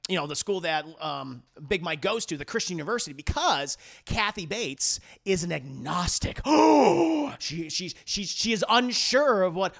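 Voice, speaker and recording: A man's voice: sits high, vocal fry, bright, forceful tone. A young man streaming a movie review, rambling and swearing casually as he talks to his live chat. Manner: rambling and profane, full of fillers.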